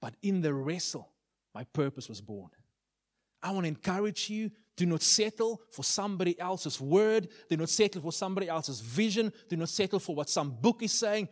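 A man's voice: a little high, sing-song, normal speed. Man preaching with dramatic swings. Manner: dramatic storytelling, swinging from loud to hushed. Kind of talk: sermon.

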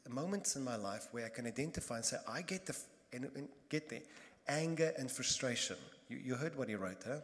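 Impassioned preacher in reverberant hall. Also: male voice, medium pitch, animated, a little fast. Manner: impassioned, emphatic, repeats phrases, swings from loud to hushed. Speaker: pastor. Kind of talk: sermon. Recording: long reverb of a large hall.

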